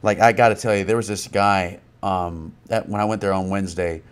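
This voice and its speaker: A man's voice: sits low, steady tone, fairly quick, clean tone. A man co-hosting a casual sports podcast, telling a story and laughing as he goes. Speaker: podcast co-host.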